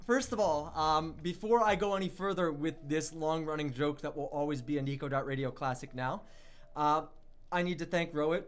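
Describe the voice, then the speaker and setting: Excitable high-voiced young man hosting. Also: normal speed. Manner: excitable, chatty, reads out viewer chat. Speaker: online radio show host. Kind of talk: livestream hosting chat.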